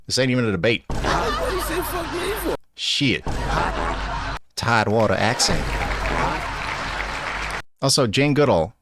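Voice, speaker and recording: Young guy live streaming, rambly and jokey, loud crowd and noise behind him. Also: mid-range voice, expressive, unhurried, long pauses. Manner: rambling, joking and irreverent. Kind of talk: casual live-stream chat.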